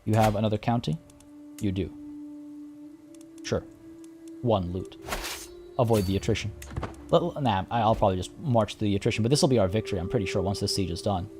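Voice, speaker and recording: A man's voice: lowish voice, a little fast, long pauses, music in the background. A man streaming a strategy game, talking casually to his chat as he plays. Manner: chatty, thinking aloud and answering chat. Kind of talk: casual live-stream commentary.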